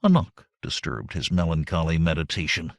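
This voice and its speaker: A man narrating a fantasy novel as an audiobook, with an expressive, dramatic reading. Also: very deep voice, moderate pace, gravelly, dry recording, studio quality.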